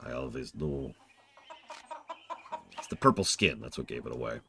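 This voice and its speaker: A man's voice: very deep voice, animated, normal speed, creaky, noisy background. A man streaming a game, making jokey, self-deprecating asides in casual commentary.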